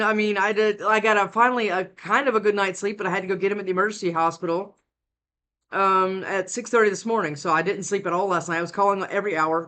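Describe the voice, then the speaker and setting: A woman's voice: medium pitch, a bit bright. Exhausted, rambling woman tarot reader. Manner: rambling, with frequent restarts. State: worn out from lack of sleep. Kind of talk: casual tarot reading to camera. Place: indoors at home. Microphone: desk mic, close.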